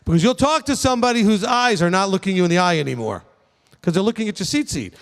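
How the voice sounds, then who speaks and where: A man's voice: high-pitched, animated, fast talker, big-room sound. A man teaching as a rabbi, speaking casually to a congregation and often checking in with "okay?". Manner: conversational, frequent "okay?" check-ins, emphatic. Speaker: rabbi answering questions.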